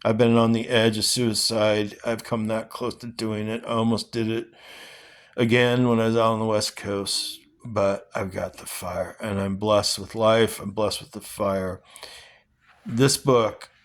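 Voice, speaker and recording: A man's voice: on the low side, little pitch movement, unhurried. A man reading a passage aloud, then reflecting on it in an earnest, rambling way. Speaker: vlogger.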